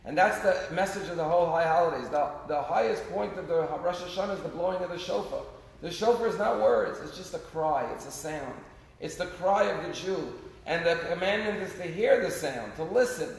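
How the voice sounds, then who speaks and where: A man with a fairly high, creaky voice speaks fairly quickly, delivering a sermon as a rabbi. He tells stories earnestly, his volume swelling and dropping. The recording comes from a synagogue sanctuary, echoey with long reverb and faint noise.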